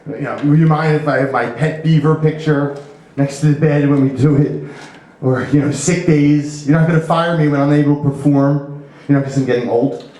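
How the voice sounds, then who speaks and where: A man's voice: a little high, fairly even intonation, normal speed, dark tone, far from the mic. Rambling male comic in an echoey club. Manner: rambling, lots of "you know" asides. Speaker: stand-up comedian. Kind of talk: stand-up comedy set. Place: comedy club stage.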